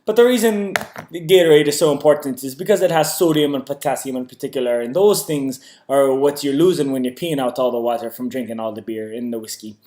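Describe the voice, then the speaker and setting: A man's voice: medium pitch, brisk, dark tone, reverberant. A man hosting a casual educational vlog in a put-on Irish accent, playfully explaining step by step. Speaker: host.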